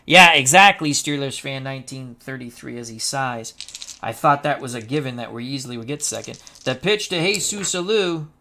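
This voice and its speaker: A man's voice: medium pitch, moderate pace. A man doing chatty play-by-play for a tabletop baseball dice game, talking to viewers in chat between rolls. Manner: chatty, excitable, rhymes and asides to chat viewers.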